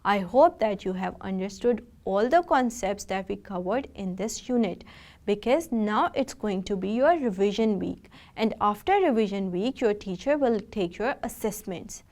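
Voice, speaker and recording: A woman teacher, giving a recorded video lesson. She speaks patiently and directly to her students and spells out words slowly. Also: medium pitch, expressive, a little mellow.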